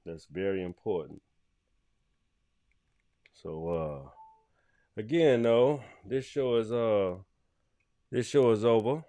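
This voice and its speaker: A middle-aged man from Columbus, Georgia, hosting his podcast with casual shout-outs, loose and profane, jumping into loud bursts and then trailing off. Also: mid-range voice, lively intonation, slow, long pauses, dry recording. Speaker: podcast host.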